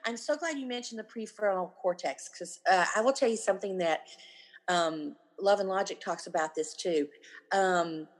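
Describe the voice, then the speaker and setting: A woman in her fifties speaks at normal speed in a mid-range voice as a guest in a relaxed interview. Her talk is animated, and she acts out other people's lines when quoting them.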